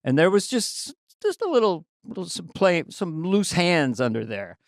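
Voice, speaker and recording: Playful man with a lively voice. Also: sits high, normal speed, no room sound, clean studio sound. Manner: playful, slips into sung bits and impressions. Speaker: podcast co-host. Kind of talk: casual comedic chat.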